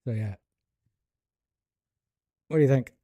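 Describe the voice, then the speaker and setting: Canadian guy from Ontario, loose rambling reaction host; voice is very dark and warm, recorded dry. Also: mid-range voice, slow pace, dry recording. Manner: rambling, searching for words. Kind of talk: casual reaction commentary.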